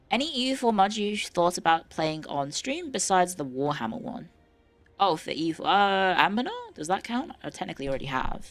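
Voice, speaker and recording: A woman's voice: lowish voice, creaky. A woman streamer giving casual, chatty commentary while playing a strategy game, muttering to herself and swearing now and then.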